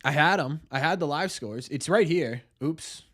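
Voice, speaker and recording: A man hosting a casual live stream, greeting viewers in chat by name and ranting excitedly. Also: fairly high pitch, normal speed.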